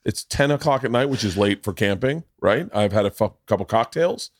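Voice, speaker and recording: A man's voice: lowish voice, a little fast, dry recording, clean studio sound. A middle-aged man hosting a podcast, telling stories casually, acting out the voices in them and swearing freely. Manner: animated, acts out quotes, profane. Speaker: podcast host. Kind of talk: casual conversational storytelling.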